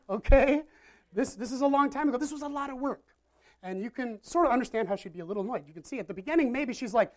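Woman, sermon, casual preaching, animated, talks to the crowd. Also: medium pitch. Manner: conversational, animated, asks the crowd "right?".

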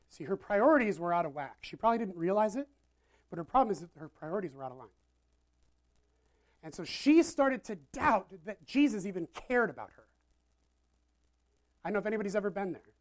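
A woman preaching a sermon in a casual, animated, conversational way, often checking in with "right?". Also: mid-range voice.

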